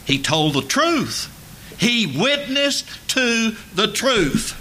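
High, bright-toned slow preacher man. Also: sing-song, a little hiss or hum. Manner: emphatic, building to loud dramatic peaks. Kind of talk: sermon.

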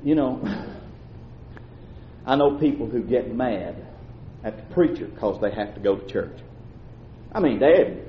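A male pastor, preaching a sermon that swings from shouting to low asides. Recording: roomy, dull lo-fi church recording.

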